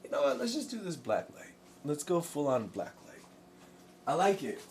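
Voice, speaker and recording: A man's voice: a little high, huge pitch swings, moderate pace, vocal fry, a little mellow, recorded from a distance. A man chatting casually on a live stream while he paints, rambling, joking and talking both to his chat and to himself. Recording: voice from off the mic, faint room noise.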